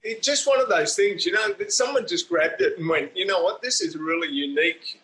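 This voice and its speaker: A man's voice: high-pitched, fairly quick, pushed and bright, soft background music, poor audio. A man from Australia with an Australian accent, telling stories bluntly and swearing a lot as an interview guest. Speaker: guest, private investigator. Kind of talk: casual interview storytelling.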